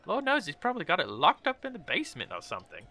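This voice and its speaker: A sassy dragonborn lady with a bright, bouncy voice that swoops high as she teases and gossips, as a man puts her on. She flirts brashly in a tabletop fantasy game. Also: wildly swooping pitch, fast talker, faint music behind, exaggerated voice. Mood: gossipy. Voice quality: teasing, brash.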